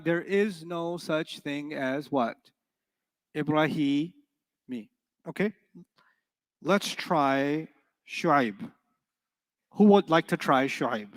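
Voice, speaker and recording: Joking high-voiced man teaching. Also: expressive, slow, pauses often, long reverb tail. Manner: playful, joking, quizzes the class. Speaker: Arabic teacher. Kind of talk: classroom lecture.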